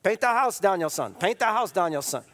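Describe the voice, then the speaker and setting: A pastor doing Mr. Miyagi, clipped old master. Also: male voice, high voice, expressive, brisk, a bit bright, in a large hall. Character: old male karate master, patient and insistent.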